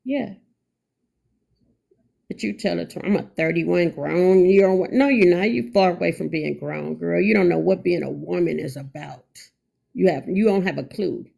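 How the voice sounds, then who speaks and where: Black woman, angry and blunt on a live, raspy low-grit voice. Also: moderate pace, mellow. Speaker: guest mother on a livestream. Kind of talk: heated livestream talk.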